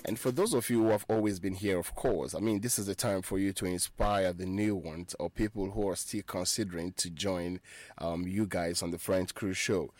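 A man's voice: low voice, fairly even intonation, normal speed, a little mellow, dry recording, faint music behind. A man hosting a radio French lesson, repeating phrases and spelling words out letter by letter for listeners. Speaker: radio French teacher and show host.

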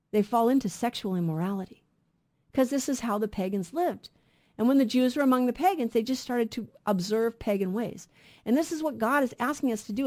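A woman's voice: fairly high pitch, a little mellow. A woman co-hosting a radio Bible program, teaching earnestly and emphatically and asking rhetorical questions in a studio.

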